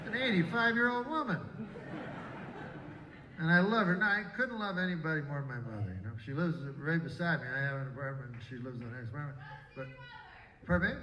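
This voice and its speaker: A man in his fifties or sixties doing a live stand-up set in a casino, deadpan and halting, rambling with restarts. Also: a little high, slight background noise. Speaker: stand-up comedian. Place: casino stage before a live audience. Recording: echoey room, distant, dull audience recording.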